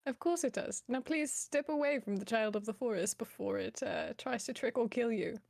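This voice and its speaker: A woman's voice: a little high, moderate pace, a little mellow, no echo. A woman playing a tabletop game, speaking in character with dry, precise lecturing. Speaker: player. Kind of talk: tabletop role-play.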